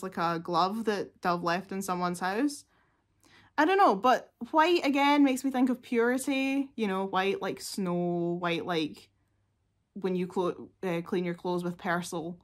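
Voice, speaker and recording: A woman, chatting casually and gushingly as a music reaction vlogger, with lots of fillers. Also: mid-range voice.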